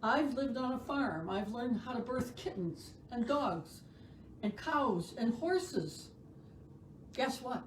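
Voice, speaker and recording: A woman's voice: a little high, animated, slow, slight background noise, low-quality recording. A middle-aged woman teaching sewing in a shop, chatty, playful and encouraging. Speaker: sewing instructor. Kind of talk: live sewing demonstration.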